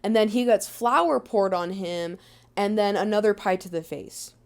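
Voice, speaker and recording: A young woman recapping a film in a chatty, sarcastic way, with quick asides. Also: medium pitch. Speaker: movie recap vlogger. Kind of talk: casual movie recap.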